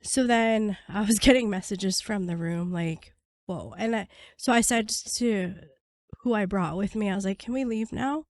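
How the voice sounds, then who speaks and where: A woman guest on a podcast, telling her story bluntly and swearing freely, her voice going hoarse. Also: mid-range voice, normal speed, darkish tone, no room sound, clean studio sound. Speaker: podcast guest, prisoner advocate. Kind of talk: candid storytelling interview.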